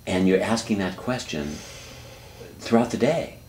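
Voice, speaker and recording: A man counseling someone in a calm, reflective, coaching way. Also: deep voice, a little slow, roomy sound, slight background noise. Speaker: therapist and teacher. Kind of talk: counseling dialogue.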